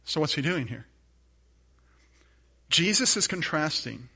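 A man's voice: a little high, lively intonation, a little slow, sharp tone. A man preaching a sermon as pastor, emphatic, building on repeated phrases, with light humorous asides to his congregation.

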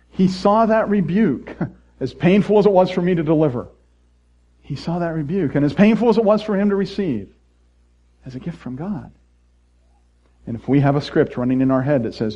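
A middle-aged man preaching a sermon as pastor, playful and animated, jumping from loud mock voices to quiet earnest asides. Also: mid-range voice, normal speed, dull audio.

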